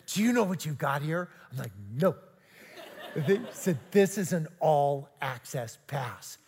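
An older man giving an animated, jokey storytelling sermon at a church service. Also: sits high. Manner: animated, jokey, acts out quoted exchanges. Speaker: guest speaker at a church service. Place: large church sanctuary. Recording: long hall reverb.

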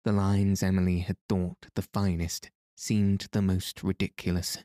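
An audiobook narrator, a man with a deep voice, reads a novel aloud in a measured, expressive storytelling style. The scripted narration is recorded dry, with clean studio sound.

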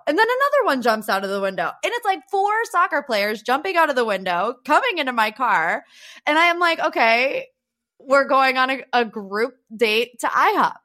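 Young woman hosting a podcast, bright and a bit high, laughs a lot and teases her guest. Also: big pitch swings, brisk. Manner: giggly, teasing. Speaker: podcast host. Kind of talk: casual chat.

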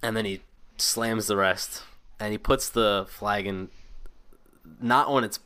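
A man's voice: on the low side, slow pace, bright, forceful tone, smooth. A man running a tabletop game as game master, narrating scenes loosely, with lots of "like" and "kinda".

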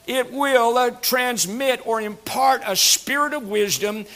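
A man pastor preaching a sermon in a folksy, joking way with many fillers, going from quiet asides to loud emphatic passages. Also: very high-pitched, measured pace.

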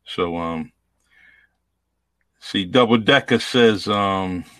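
A man's voice: lowish voice, extremely slow, fairly bright tone, dry recording. A man hosting a podcast, talking in a laid-back, hesitant way. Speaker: podcast host. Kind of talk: casual chat.

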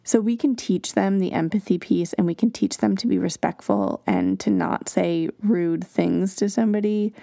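A woman's voice: mid-range voice, moderate pace, gravelly, hardly any pauses, dark tone, no room sound, clean studio sound. A woman hosting a parenting advice podcast, talking in an earnest, conversational way and sometimes acting out what children say. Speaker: podcast host.

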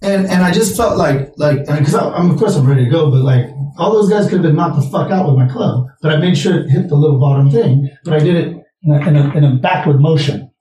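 A young man co-hosts a casual podcast, rambling through stories at a rapid clip and swearing freely. His voice sits a touch high but sounds mellow and dark. He is heard from a little off the mic in an echoey room. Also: far from the mic. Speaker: podcast co-host. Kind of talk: casual chat.

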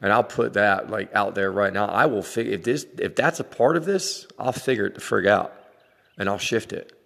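A man in his forties delivers a blunt, swear-laden vlog rant with a low, gravelly voice. His words ring out with a long reverb, as if spoken in a hard, echoing room. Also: moderate pace, fairly bright tone. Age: 40s. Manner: blunt, swearing, laughing between lines. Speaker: vlogger dad. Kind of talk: casual rant to camera.

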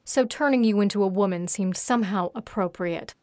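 A woman voicing a forceful young woman who speaks in a sarcastic, teasing way. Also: mid-range voice, fairly quick, no room sound, studio quality, lightly acted.

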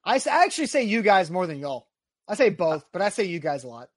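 A man from the Nashville area hosting a casual sports talk show, reading listener questions in a brisk, firm way, with no Southern accent. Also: high-pitched, very animated, no echo, clean studio sound. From Nashville area, Tennessee. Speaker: podcast host.

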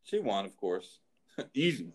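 Low-voiced man telling rambling stories. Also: big pitch swings, unhurried. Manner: rambling anecdotes, frequent restarts. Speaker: show host and horse trainer. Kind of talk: casual storytelling chat.

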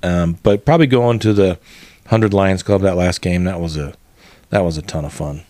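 A man's voice: sits low, normal speed, warm tone. An older man co-hosting a podcast in casual chat, easygoing and hesitant with ums and uhs. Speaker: podcast co-host.

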